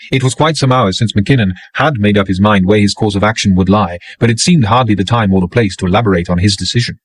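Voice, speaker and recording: Male audiobook narrator, measured, low pitch, dry close sound. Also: husky, no room sound, rough recording. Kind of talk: scripted narration.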